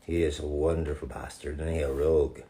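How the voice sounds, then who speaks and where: A man with a deep, low-set voice chats through a live fan Q&A, reading messages aloud and answering them with easy, teasing humor. He drops in fond asides to the audience as he goes. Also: steady tone, brisk, warm tone. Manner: playful, jokey, calls fans darling. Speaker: voice actor answering fan questions.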